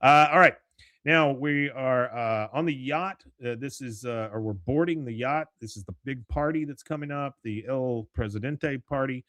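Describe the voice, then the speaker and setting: A man's voice: medium pitch, normal speed, fairly bright tone, no echo. A man co-hosting a podcast who animatedly retells an episode with lots of filler words. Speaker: podcast co-host. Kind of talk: episode recap.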